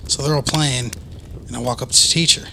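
A man hosting a casual podcast, telling a story with lively acted-out voices. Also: mid-range voice, fairly quick, noisy background. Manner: animated storyteller, acts out voices. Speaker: podcast host.

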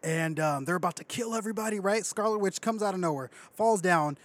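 A man co-hosting a casual chat, animated, acting out movie lines. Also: high voice, a little fast, dry recording. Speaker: podcast co-host.

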